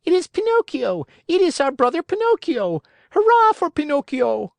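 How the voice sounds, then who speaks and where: A man voicing a crowd of excited wooden puppets shouting with joy. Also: very high-pitched, moderate pace, gravelly, no echo, voice pushed up, heavily acted. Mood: shrieking joy. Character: excited wooden marionettes, shrill and gleeful.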